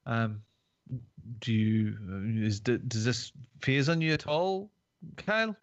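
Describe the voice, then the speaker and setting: A man's voice: mid-range voice, slow pace, no echo. A man hosting a podcast in casual chat, rambling and jokey with lots of fillers. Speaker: podcast host. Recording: dull, dry podcast mic.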